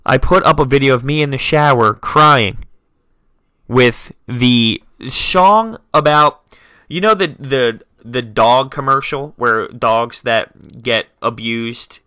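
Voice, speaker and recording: A man's voice: medium pitch, slow pace, bright, forceful tone, smooth, no echo. A young man hosting a solo sports talk podcast, dramatic and self-mocking as he rattles off scores. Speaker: podcast host.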